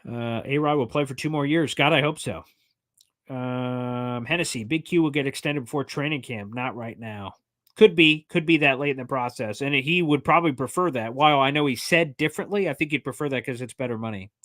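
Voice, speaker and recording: A man hosting a casual sports livestream, answering fan questions in an excitable, jokey way with plenty of fillers. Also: medium pitch, dry recording, studio quality. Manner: excitable, jokey, fast-talking with many fillers. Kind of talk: casual live chat reading fan questions.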